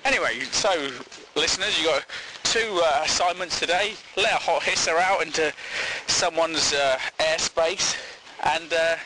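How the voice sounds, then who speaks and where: A man's voice: fairly high pitch, unhurried, background noise. A man hosting a podcast, rambling through a crude comic monologue and laughing at his own jokes. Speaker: podcast host.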